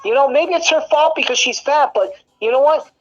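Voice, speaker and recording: Angry, foul-mouthed woman in a muffled lo-fi home recording, voice sits high. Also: a little fast, faint music behind. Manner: angry, profane venting, many fillers. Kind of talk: casual recorded conversation.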